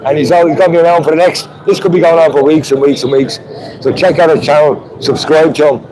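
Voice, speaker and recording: A man with an Irish accent talks at a quick pace in a steady, warm, higher-pitched voice, though the audio is poor. Hosting a live stream from a street protest with trucks outdoors, he chats with viewers over crowd and vehicle noise.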